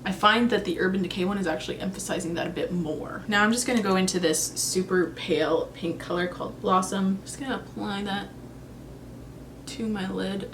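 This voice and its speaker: With a medium-pitched voice and a little hiss or hum behind it, a young woman casually talks through a makeup review vlog. She thinks out loud and keeps second-guessing herself.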